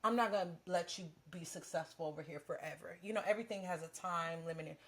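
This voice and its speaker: A woman's voice: on the low side, fast talker. A woman co-hosting a podcast, chatting casually about faith and acting out her own prayers as she tells a story. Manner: animated storytelling, acts out prayers to God. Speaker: podcast co-host. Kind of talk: casual faith-based chat.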